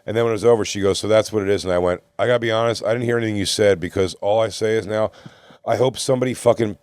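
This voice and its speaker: A man's voice: lowish voice, fairly even intonation, racing, a little mellow, smooth, no echo, studio quality. A man co-hosting a comedy podcast, telling a rambling, profane story and acting out what others said. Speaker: podcast co-host. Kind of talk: casual storytelling among friends.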